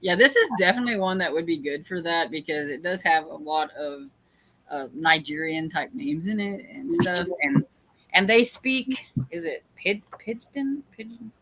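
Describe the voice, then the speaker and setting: A woman's voice: deep voice, moderate pace, a bit bright. A woman hosting a reading stream on a video call, chatty, laughing often and trailing off into restarts. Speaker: host of a reading livestream. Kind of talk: casual chat.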